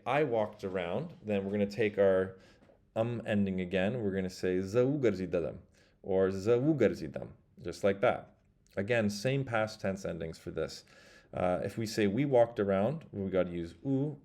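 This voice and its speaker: A man teaching a language lesson in a relaxed, casual way, thinking aloud and correcting himself, slowing down to pronounce the example words. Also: deep voice.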